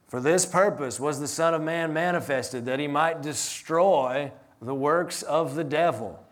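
A man preaching a sermon as pastor, animated, swinging between loud emphatic lines and hushed ones, laughing through his stories. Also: on the high side, a little slow, few pauses.

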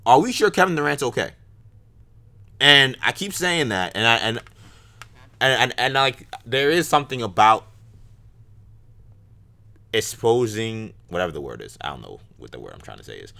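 A man's voice: medium pitch, big pitch swings, moderate pace, gravelly, long pauses, sharp tone. A man co-hosting a podcast, talking sports casually and rambling with fillers and restarts. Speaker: podcast co-host.

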